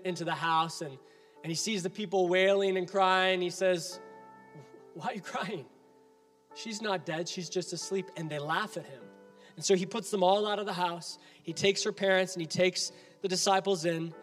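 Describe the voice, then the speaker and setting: A man's voice: sits high, normal speed, a bit bright, long reverb tail, faint music behind. A man preaching a sermon as pastor, emphatic and building with repeated appeals.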